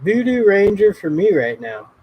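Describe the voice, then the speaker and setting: A man's voice: sits high, very animated, normal speed, a little mellow, slight background noise, rough recording. A man hosting a casual livestream, chatting in a laid-back, rambling way and greeting viewers by name. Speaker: livestream host. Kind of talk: casual livestream chat reading comments.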